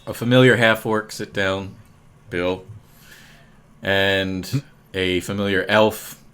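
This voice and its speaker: A man running a tabletop game as game master, unhurried and often laughing. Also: low voice, fairly even intonation, a bit bright, smooth.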